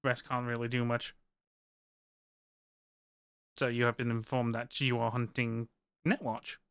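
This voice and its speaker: A game master voicing a polite, quietly sarcastic male informant who speaks formally. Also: medium pitch, little pitch movement, measured pace, smooth, dry recording. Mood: scheming. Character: courteous, sly male informant and go-between.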